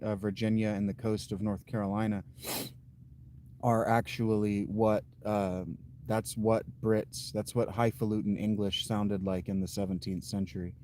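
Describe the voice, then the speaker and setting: A man hosting a livestream, chatting casually with viewers' comments in an unhurried, blunt way, thinking aloud with fillers and restarts. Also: on the low side, warm tone, slight background noise. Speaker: livestream host.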